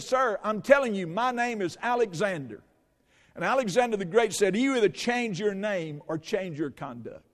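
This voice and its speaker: High-voiced preacher in a reverberant hall. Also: male voice. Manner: storytelling with quoted dialogue. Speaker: pastor. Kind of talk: sermon.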